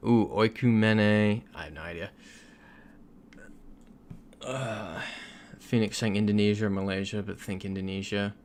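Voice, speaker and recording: A man's voice: on the low side, steady tone, moderate pace, long pauses, darkish tone, a little hiss or hum. A young man from Florida, chatting casually on a livestream while he plays, reading out viewer comments and laughing often. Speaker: streamer.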